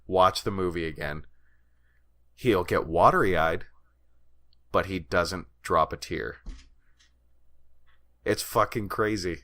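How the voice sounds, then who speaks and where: A man's voice: low-pitched, slow pace, long pauses, a bit bright. A man co-hosting a podcast in casual chat, a rambling storyteller who laughs often and swears casually. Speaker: podcast co-host.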